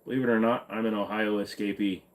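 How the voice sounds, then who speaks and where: A man's voice: lowish voice, steady tone, quick pace. A man hosting a casual livestream, joking as he reads and answers viewer comments. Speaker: livestream host.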